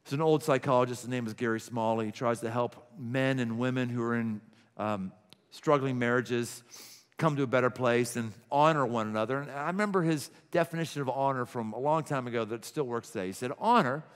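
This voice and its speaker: A middle-aged man preaching a sermon, lively and animated, acting out little scenes with gasps and laughs. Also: mid-range voice, fairly quick, clear, resonant tone. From Pittsburgh. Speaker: pastor. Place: large church auditorium. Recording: long hall reverb from a church auditorium.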